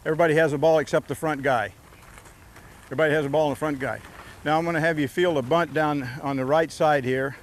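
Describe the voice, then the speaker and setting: A man coaching a youth baseball team outdoors, giving short, encouraging instructions during drills. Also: a little high.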